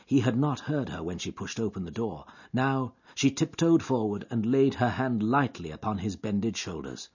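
A man's voice: on the low side, moderate pace, hardly any pauses, slightly rough. A man reading a novel aloud as scripted narration, telling it dramatically, on a dull lo-fi recording. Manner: dramatic, expressive storytelling. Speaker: audiobook narrator.

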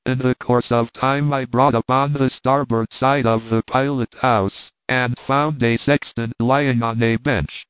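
A man's voice: mid-range voice, steady tone, unhurried, hardly any pauses, smooth, dry recording. A man reading a travel memoir aloud as narrator, with a dry, wry storytelling manner. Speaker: audiobook narrator. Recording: dry, tinny phone-like sound.

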